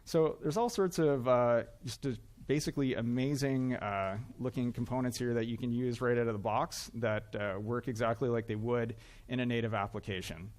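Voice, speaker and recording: Speaking at an ordinary pace in a medium, darkish voice, this Canadian man presents a humorous tech talk to a live conference hall audience. He's conversational and pokes fun at himself, with lots of uhs.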